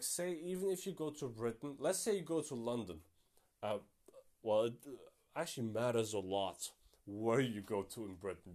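A man's voice: medium pitch, a little mellow. Casual, chatty man thinking aloud. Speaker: podcast host. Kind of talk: casual solo podcast commentary.

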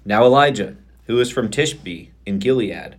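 Male pastor, expressive Bible reader, lively sing-song delivery, playful. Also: on the low side, unhurried. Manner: expressive reading aloud, playful banter. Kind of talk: podcast Bible reading and chat.

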